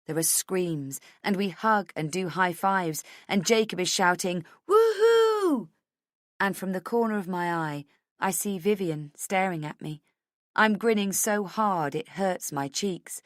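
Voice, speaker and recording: A woman's voice: on the low side, unhurried, no room sound. A woman narrating a thriller audiobook in the first person, expressively, on a close mic.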